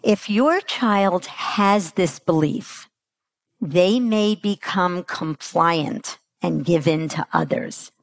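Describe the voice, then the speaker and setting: A middle-aged woman giving a motivational parenting talk to an audience. She acts out the quotes she tells, jumping her pitch for them. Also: slow pace, creaky, no room sound, clean studio sound. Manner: animated, acts out quotes with big pitch jumps. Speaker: parenting coach speaker.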